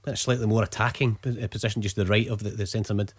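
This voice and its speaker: Scottish male pundit, low, rapid, stumbling starts. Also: fairly even intonation, breathy edge. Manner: rapid, tumbling restarts. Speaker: football pundit. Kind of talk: radio punditry.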